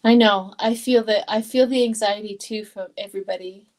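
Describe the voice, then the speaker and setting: A woman's voice: medium pitch, steady tone, moderate pace, a little mellow, poor audio. An older woman from Colorado giving a live tarot reading in an emotional, chatty way, reading viewer comments aloud. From Colorado, USA. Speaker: tarot reader.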